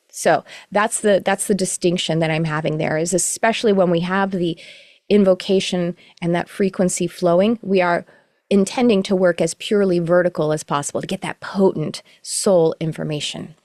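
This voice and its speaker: A middle-aged woman teaching a live online class, explaining in a relaxed, rambling way with self-corrections. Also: lowish voice, dry recording, studio quality. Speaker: course teacher. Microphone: video call.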